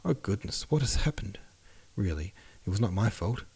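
A man reading aloud, voicing an excited young girl who gives eager, bossy orders while dressing for a ball. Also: fairly low pitch, moderate pace, slightly rough, exaggerated voice. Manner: eager, bossy, breathless exclamations.

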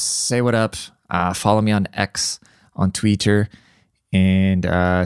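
A man's voice: on the low side, a little slow, darkish tone, smooth, faint music behind. A man hosting his own podcast, ranting bluntly and profanely in casual commentary. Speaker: podcast host.

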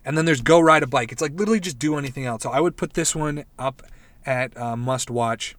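A young man hosting a casual podcast, excitedly recapping and reviewing a show in a rambling, profane way. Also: medium pitch, fairly quick, no room sound. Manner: rambling, profane, animated retelling with quoted voices. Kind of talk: casual chat.

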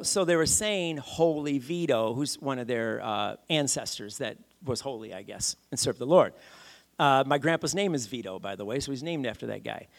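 A male pastor delivering a sermon in a slightly raised register. He leans hard on key phrases, repeats them for weight and puts questions to his listeners. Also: fairly high pitch.

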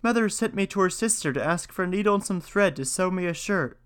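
Brief: male reader voicing a young peasant girl, timid, pleading, raised pitch. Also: lively intonation, fast, fairly bright tone, smooth. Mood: polite. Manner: pleading, polite.

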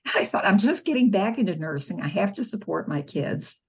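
A woman's voice: medium pitch, lively intonation, fairly quick, husky. A middle-aged woman, a nurse and spokeswoman, telling patient stories earnestly in an interview, acting out the dialogue. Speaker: nurse and pro-life spokeswoman. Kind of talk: conversational interview storytelling.

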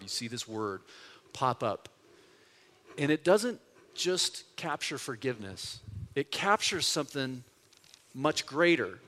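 A male pastor preaching a storytelling sermon in an earnest, conversational way, dropping to hushed tones and rising again. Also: mid-range voice, in a large hall. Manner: earnest, conversational, swings between loud and hushed.

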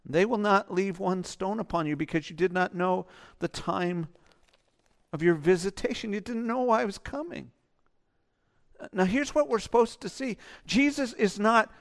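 A man preaching in a high voice, his sermon rising into loud, urgent pleas before dropping to soft, hushed lines. He acts out quoted voices with growing intensity. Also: normal speed. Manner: impassioned, swings from loud urging to soft near-whispers. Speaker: pastor.

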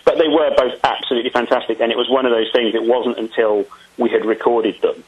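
A man being interviewed about making a film, answering in a casual, halting way with many ums and restarts. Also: mid-range voice, fairly even intonation, highs cut off, a little hiss or hum.

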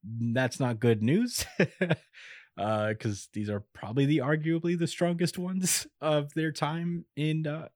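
A man's voice: fairly high pitch, slow, dry recording, studio quality. A man in casual chat recapping an anime episode, laid-back and chuckly, with lots of fillers.

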